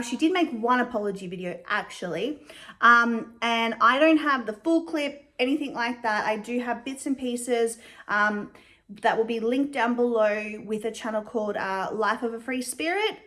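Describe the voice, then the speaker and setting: A young adult woman giving casual commentary as a vlogger, chatty and measured, with frequent fillers. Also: fairly high pitch, bright, forceful tone.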